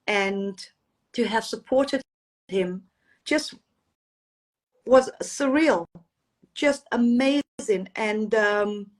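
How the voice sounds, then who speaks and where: A woman at a middle pitch tells stories from her career in an easy, chatty way and laughs often. She sounds relaxed and open, as if talking on a video call. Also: extremely slow, long pauses. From Zambia and Zimbabwe. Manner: warm, storytelling, laughs often. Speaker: interviewed singer. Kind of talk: casual interview.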